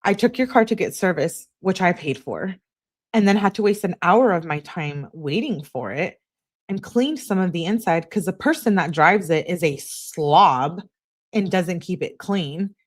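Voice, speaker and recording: A woman on a live stream reading text messages aloud in a steady voice, breaking off to answer her chat. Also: on the low side, a little slow. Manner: flat reading, asides to chat.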